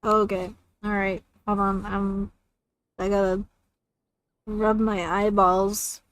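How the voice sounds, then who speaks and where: A woman's voice: medium pitch, little pitch movement, slow. A young woman chatting casually on a game livestream, with a chatty, self-deprecating manner. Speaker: streamer. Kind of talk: casual livestream chat while gaming.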